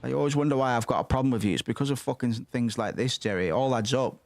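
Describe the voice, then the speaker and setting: A man's voice: mid-range voice, rapid-fire, vocal fry, darkish tone. A young man swearing and rambling through casual commentary while playing a game. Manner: sweary, rambling, muttering asides. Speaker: gaming streamer.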